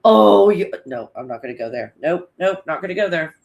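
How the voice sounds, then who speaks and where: Casual livestream host, talks to the chat off the cuff, swears freely, laughs a lot, average pitch. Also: animated, brisk, creaky. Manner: chatty, loose and swearing, laughs often.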